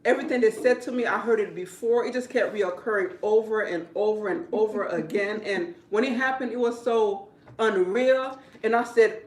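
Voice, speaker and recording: A woman who works as a hairdresser, telling a story in casual talk, animated and repetitive, often breaking into laughter. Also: medium pitch, moderate pace. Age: adult. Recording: roomy, from a distance.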